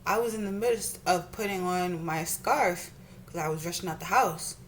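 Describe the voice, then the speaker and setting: A woman's voice: on the low side, normal speed, slight background noise. A young woman vlogger ranting heatedly and profanely while doing her makeup at home, often repeating herself. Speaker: beauty vlogger.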